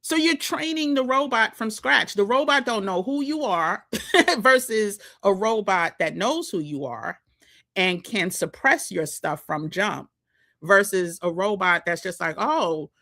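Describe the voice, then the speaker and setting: A New York woman coaches her viewers on social media in a laid-back vlog, laughing a lot. She speaks at an unhurried pace with a medium-pitched voice that is expressive, pushed, and bright.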